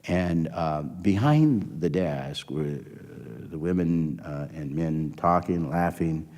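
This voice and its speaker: An older man who once was a health system executive tells a long, rambling story in an interview, acting out the dialogue he quotes. His very deep, darkish voice moves slowly with lively intonation.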